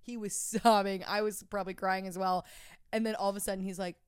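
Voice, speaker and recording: A woman's voice: medium pitch, a little fast, smooth, dry recording, clean studio sound. A woman in her twenties, co-hosting a podcast, telling a story in casual chat full of "like" and laughter. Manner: storytelling, animated with frequent laughs and "like". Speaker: podcast co-host.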